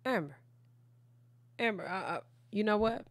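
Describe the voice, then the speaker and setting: A reaction channel host with a medium-pitched, expressive voice talks at a moderate pace straight to her viewers, using slang and laughing often. Tired from filming late at night, she chats casually in a dry recording.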